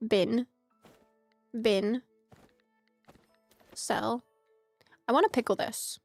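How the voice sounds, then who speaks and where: Young woman, game streamer, chatty and giggly, a bit high, dry close sound. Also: fairly even intonation, drawn-out words, vocal fry, darkish tone, no echo, soft background music. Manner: chatty, rambling asides, laughs often. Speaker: streamer playing a farming game. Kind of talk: casual let's-play chat.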